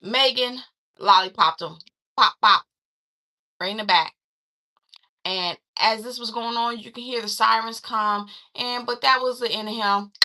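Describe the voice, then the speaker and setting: A woman casually recapping a movie plot, retelling the story in an animated way with lots of fillers and restarts. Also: a little high, normal speed. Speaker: movie reviewer.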